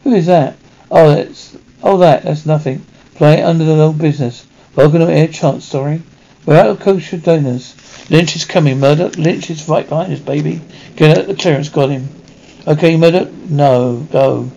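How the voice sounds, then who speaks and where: A man acting in a 1980s TV action drama, trading brisk, gruff banter, heard on a dull lo-fi TV soundtrack. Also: a little high, warm tone. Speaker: TV actor.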